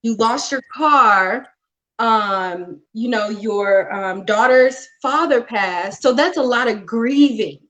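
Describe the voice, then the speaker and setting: A woman host sums up her guest's story in a reflective, encouraging way. Her voice sits fairly high, and she speaks slowly and deliberately. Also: fairly bright tone, rough recording. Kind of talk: interview.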